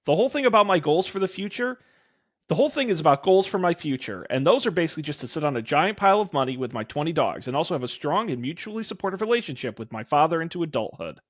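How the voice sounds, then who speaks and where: A man voicing a dry, deadpan teenage daughter from a dating game. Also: on the high side, quick pace. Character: deadpan teenage girl, dog-loving daughter.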